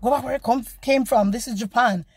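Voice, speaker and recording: A man's voice: very high voice, brisk, husky, dry recording, studio quality, full character voice. A woman recounting a story voices a belligerent male driver who repeats himself curtly. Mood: hostile. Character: hostile middle-aged male driver, belligerent.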